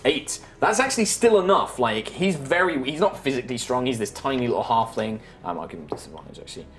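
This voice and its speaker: Lively man running a game. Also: medium pitch, fast talker. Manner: lively, rambling, chatty. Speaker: dungeon master. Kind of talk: narrating a tabletop game.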